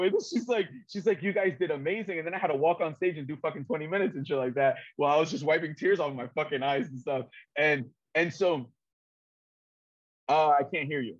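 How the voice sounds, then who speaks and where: A man's voice: a little high, a little fast, muffled recording. A male comedian hosting a podcast, talking casually and profanely while walking through the numbers. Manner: animated, profane, explains with numbers.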